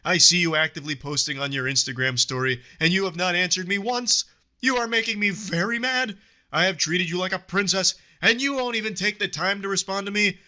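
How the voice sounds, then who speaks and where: A man's voice: sits high, brisk, bright, forceful tone, voice pushed up. A man voicing an obsessive, indignant lovesick suitor. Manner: whiny, indignant, theatrical. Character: obsessive lovesick man, pleading then furious.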